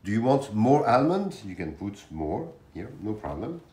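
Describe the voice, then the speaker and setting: Guy slowly walking thru a recipe, low voice, super echoey kitchen w music on. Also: sing-song, dark tone, far from the mic. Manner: slow, chatty, hands-on instructions. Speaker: cooking show host. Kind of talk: casual cooking demonstration. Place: home kitchen.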